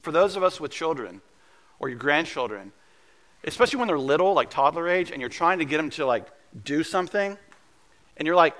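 A man serving as pastor, preaching a conversational, earnest sermon that at times drops to a hush. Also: fairly high pitch, brisk. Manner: conversational and earnest, with soft hushed asides.

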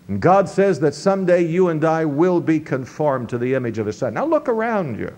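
A high-voiced man preaches from the pulpit. He teaches through scripture verse by verse, his pitch sweeping up in emphasis and dropping low again. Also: big pitch swings, a little fast, darkish tone. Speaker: pastor. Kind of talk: sermon.

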